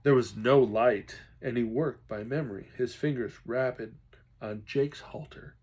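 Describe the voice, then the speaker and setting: A man's voice: medium pitch, a little slow, slightly rough. A man reading a children's novel aloud expressively, now and then talking to his listeners. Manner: expressive, stops to chat with listeners. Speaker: reader.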